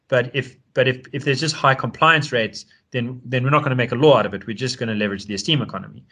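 A man from South Africa co-hosting a casual discussion, chatty and quick, restarting sentences and laughing easily. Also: mid-range voice, fairly bright tone, slightly rough.

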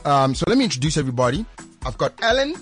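A man's voice: on the high side, sing-song, very fast, soft background music. A man co-hosting a casual studio chat, playful and jokey, often mimicking voices. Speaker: co-host.

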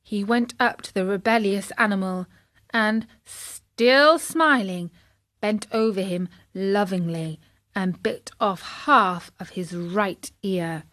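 A woman reading a children's story aloud, slowly and expressively. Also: mid-range voice, fairly bright tone, no room sound.

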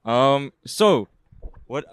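A man's voice: medium pitch, expressive, very slow, clean tone, no room sound. Rambling, slangy guy. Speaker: guest. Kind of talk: casual chat. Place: outdoors at a skate park. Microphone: handheld microphone.

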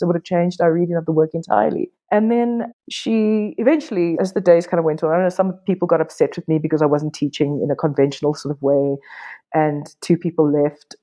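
Woman guest, candid storyteller, warm mellow tone, a touch low, swears freely. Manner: frank, swears freely, quotes others in lively voices. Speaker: artist and workshop teacher, guest.

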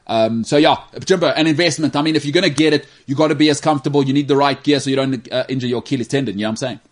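A man's voice: medium pitch, rapid-fire. Male podcast host, teasing, casual banter. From South Africa. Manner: teasing, joking, animated.

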